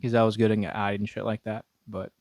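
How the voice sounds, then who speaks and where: A man's voice: on the low side, level tone, brisk, a little mellow, no echo, studio quality. A young man casually telling a story, swearing freely and laughing often between his words. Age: young adult. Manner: profane, laughing often, restarts a lot.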